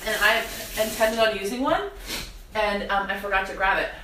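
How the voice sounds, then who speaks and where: In an echoing home kitchen, a young woman runs a live cooking demonstration, joking at her own expense with viewers while onions bring tears to her eyes. Her mid-range voice moves at a moderate pace, captured from a distance amid background noise and the clatter of pots and dishes.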